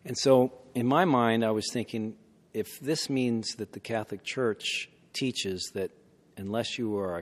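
A man in his sixties telling a folksy personal story, often clearing his throat. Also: lowish voice. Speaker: speaker telling a conversion story. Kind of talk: anecdotal storytelling talk. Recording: long hall reverb.

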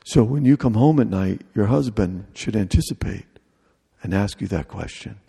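A man's voice: on the low side, lively intonation, moderate pace, vocal fry, mellow, husky, big-room sound. A man preaching a sermon in a humorous, conversational way, acting out little dialogues.

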